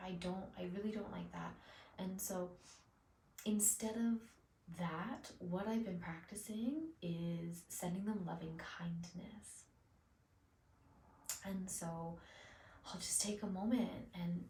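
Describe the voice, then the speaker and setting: Woman talking softly to camera, kinda gravelly and low, half whispering, echoey room, off mic. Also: distant mic. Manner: soft, often half-whispered, emotional. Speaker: vlogger. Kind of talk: heartfelt vlog monologue. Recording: roomy sound from off the mic, faint noise.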